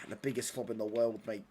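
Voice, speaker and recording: A man's voice: fairly low pitch, slight background noise. Cheeky young man bantering. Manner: cheeky teasing banter, laughs often, tags lines with mate and pal. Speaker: football watch-along streamer. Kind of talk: live casual chat over a match.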